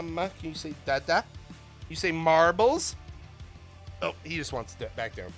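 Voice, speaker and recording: A man's voice: sits high, big pitch swings, moderate pace, bright, forceful tone, faint music behind. A man hosting a livestream, chatting casually and joking with viewers in a rambling way. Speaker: stream host.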